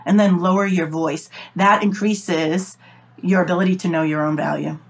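Lady, kinda whiny squeaky voice, talks a mile a minute, video call guest. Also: fairly even intonation. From Boston, USA. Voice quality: self-described whiny, squeaky voice. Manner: fast-talking, emphatic, demonstrates with high-pitched voices. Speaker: guest, body language expert. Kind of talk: animated advice in conversation. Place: home office on a video call. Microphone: video call setup.

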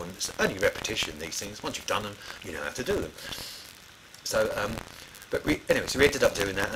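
A middle-aged man with a medium-pitched voice rambles through studio stories, full of fillers and restarts, against background noise. It's a casual spoken anecdote.

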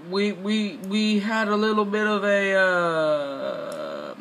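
A man with a high, bright voice gives casual play-by-play of a video game. He talks in a slow, drawn-out way, gets excitable, and talks back at the game. A faint hiss of background noise sits under his voice. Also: gravelly, poor audio. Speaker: gaming channel host. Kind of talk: casual gameplay commentary.

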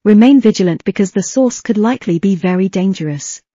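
A woman voicing a poised, calm and commanding elven woman in an audiobook reading, with a measured, steady delivery. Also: medium pitch, no echo, highs cut off, natural voice. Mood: grave.

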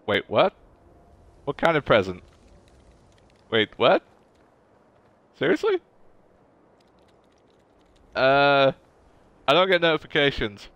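A man's voice: medium pitch, very animated, a little slow, pauses often, no echo, highs cut off. A man streaming a game live, chatting casually and gushing emotionally to his viewers.

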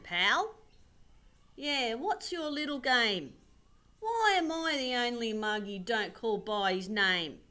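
A fed-up male koala, as a woman reads him aloud, ranting indignantly in rhyme. His voice swings widely up and down, bright and sharp-edged, in a storybook telling. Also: on the high side, heavily acted.

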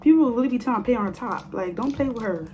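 A woman's voice: a little high, animated, quick pace, warm tone. A woman in her twenties chatting casually to viewers while styling a mannequin's hair, playful and talkative, recorded on a phone. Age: 20s. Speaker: hair vlogger. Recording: phone video with faint noise.

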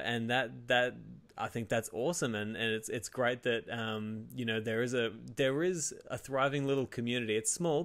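A man's voice: medium pitch, fairly bright tone. An Australian man hosting a casual podcast interview, chatty, with many fillers and restarts and frequent laughter. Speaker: podcast host.

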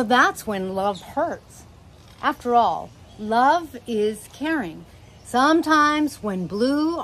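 In a rough recording with slight background noise, a middle-aged woman chats to camera at a fairly high pitch about her parrots. She's at home, rambling fondly and sometimes breaking off to talk to her birds, as the owner and host of the channel.

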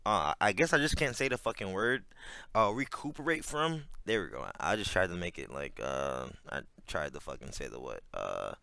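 A man's voice: low-pitched, sing-song, moderate pace, gravelly, pushed and bright, no echo. A man giving casual reaction commentary, rambling with lots of fillers, frequent swearing and laughter.

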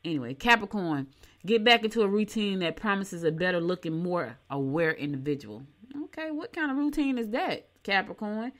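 A middle-aged woman, co-hosting a morning show in casual chat, reading horoscopes and telling animated stories. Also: medium pitch, normal speed. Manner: chatty, animated storytelling.

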